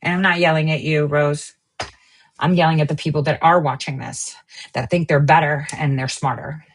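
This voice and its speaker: A woman hosting an online news stream, ranting angrily and with lots of profanity, swinging between sharp outbursts and low mutters. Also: steady tone, normal speed. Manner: profane, heated, jumps between shouting and muttering. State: extremely angry. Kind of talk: angry livestream rant.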